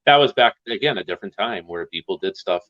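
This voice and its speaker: A man with a very low voice chats casually on a livestream. He tells rambling, animated stories and laughs often. The sound is a bit dull and lo-fi. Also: fast talker. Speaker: stream host.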